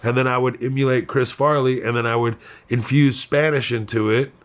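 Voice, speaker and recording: A man with a Houston Texan accent telling stories from his youth in a candid interview, animated and laughing often. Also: medium pitch, fairly quick. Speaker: comedian guest.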